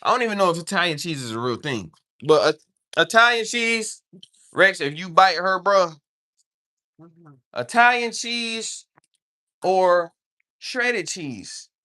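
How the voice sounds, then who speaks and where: In a mid-range, expressive voice that is pushed and bright, a streamer talks slowly with long pauses. The casual, meandering chat keeps circling back to viewers and repeats "you know what I'm saying" often.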